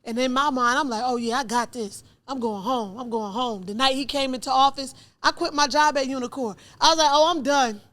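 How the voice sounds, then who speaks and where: A middle-aged woman telling her own story in an interview, acting out dialogue with lively jumps in voice. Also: a little fast, few pauses. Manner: animated, acts out dialogue with rising pitch.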